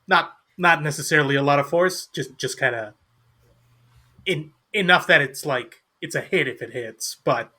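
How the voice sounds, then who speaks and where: Bright-voiced man playing a tabletop game. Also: fairly high pitch, normal speed. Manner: relaxed, hesitant, playful. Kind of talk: casual tabletop role-play.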